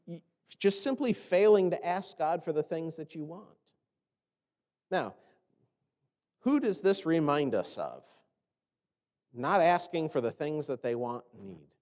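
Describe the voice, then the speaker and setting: In a large hall, a pastor whose voice is a little high with a darkish tone gives a conversational sermon. Rhetorical questions punctuate it, and he acts out the grievances he quotes.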